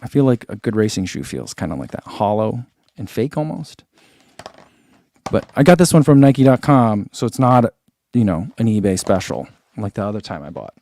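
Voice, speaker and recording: A man's voice: on the low side, sing-song, moderate pace, mellow. A man who reviews running shoes, chatting casually through an unboxing and thinking aloud with lots of fillers.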